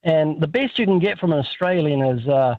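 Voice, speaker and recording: A man with a New Zealand accent, a guest author telling lively, joking stories in a radio interview over the phone. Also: on the high side, brisk. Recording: tinny phone line.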